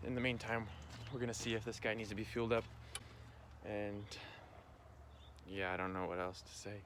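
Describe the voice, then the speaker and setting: A man's voice: on the low side, level tone, normal speed, noisy background. A young man, a farmer, talking casually to the camera in a vlog with chatty, joking asides. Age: young adult.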